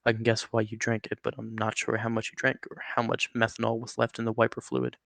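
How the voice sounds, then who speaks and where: A friendly old male rattlesnake who talks as if biting strangers were ordinary business, as a man reading the story puts him on. The voice is gravelly and sits a little above the reader's own, with a chatty, wry, matter-of-fact delivery. The recording is close and dry. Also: lowish voice, completely flat delivery, fast talker, a bit bright, dry recording.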